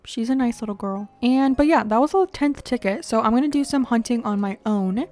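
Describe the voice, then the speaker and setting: A woman's voice: fairly high pitch, brisk, a little mellow. A young woman giving chatty, playful commentary while playing a video game, laughing often and talking to her viewers. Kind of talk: casual gameplay commentary.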